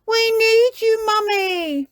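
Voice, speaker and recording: A woman voicing an excited little girl piglet in a storybook reading, high and pleading. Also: slow, no room sound.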